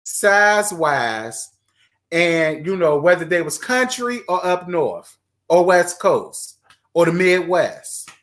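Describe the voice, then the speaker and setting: A man from Virginia, USA, hosts a casual live chat stream, reading out viewer comments. His pitch is raised and he's animated and chatty, repeating things emphatically, though he takes it slowly.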